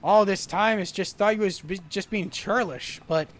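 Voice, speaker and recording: A man voicing a boastful, rambling drunken sailor who talks in rough old sea dialect. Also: high voice, moderate pace, natural voice. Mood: boisterous.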